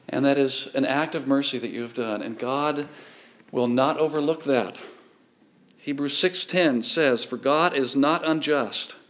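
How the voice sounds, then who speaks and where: A pastor, preaching an earnest, measured sermon and reading scripture aloud. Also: male voice, medium pitch, vocal fry.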